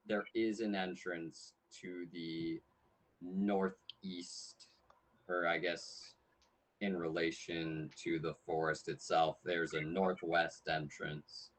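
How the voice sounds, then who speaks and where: A man running a tabletop game as game master, describing scenes in a halting way with many fillers. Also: sits low, a bit bright, poor audio.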